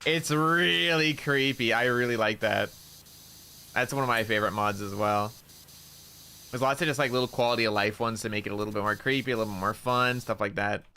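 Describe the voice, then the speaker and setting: A man's voice: lowish voice, fairly even intonation, fast talker, sharp tone, a little hiss or hum. A man chatting casually on a gaming stream, rambling through funny stories with lots of laughing and swearing. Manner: rambling, laughing storyteller who swears a lot.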